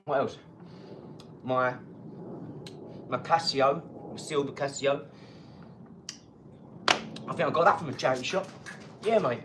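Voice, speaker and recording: A man hosting a casual live stream from his home garage, talking in an energetic, rambling, chatty way. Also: mid-range voice, unhurried, pauses often, background noise. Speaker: livestream host.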